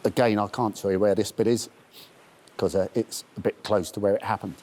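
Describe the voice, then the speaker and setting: In a lowish, brisk voice, a middle-aged man from the UK recounts a charity walk in diary form. He's a lively storyteller who acts out everyone he encountered with animated voices.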